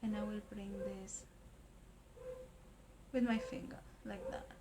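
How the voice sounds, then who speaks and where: A woman from Argentina, talking through a makeup tutorial in a hesitant way with many pauses and fillers. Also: mid-range voice, fairly even intonation, background noise. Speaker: makeup vlogger.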